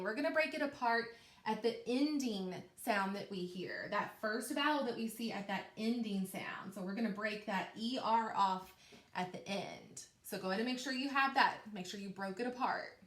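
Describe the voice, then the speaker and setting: A woman teacher giving a patient, encouraging phonics lesson to young children, speaking clearly and slowly. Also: fairly high pitch, lively intonation. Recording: echoey room.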